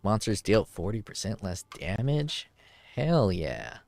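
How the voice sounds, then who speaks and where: Profane, excitable male game streamer. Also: on the low side, unhurried, creaky, no echo. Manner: profane, excitable, reads item text aloud. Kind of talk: casual gameplay commentary.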